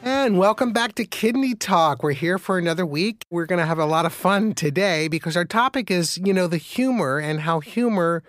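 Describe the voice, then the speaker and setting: A man's voice: sits high, moderate pace, hardly any pauses, no echo. A man co-hosting a casual radio talk show who tells jokes animatedly and restarts his sentences. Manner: animated joke-telling with hesitant restarts. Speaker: co-host.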